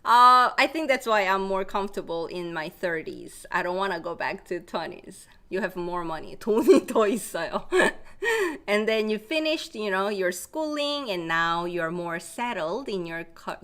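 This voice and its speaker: A woman in her thirties teaching Korean on a live stream, reading out viewers' comments and laughing often, slowing down to explain phrases. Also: lowish voice, expressive, sharp tone. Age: 30s. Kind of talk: live-stream language lesson.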